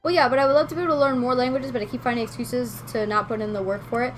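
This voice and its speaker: A woman in her twenties from Venezuela, a game streamer chatting casually and rambling with her viewers, quick to laugh. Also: on the high side, fairly even intonation, soft background music.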